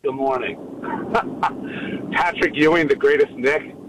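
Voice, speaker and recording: A man's voice: fairly high pitch, slow pace. Wisecracking male caller on noisy line. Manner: wisecracking, hesitant fillers. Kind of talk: call-in phone chat.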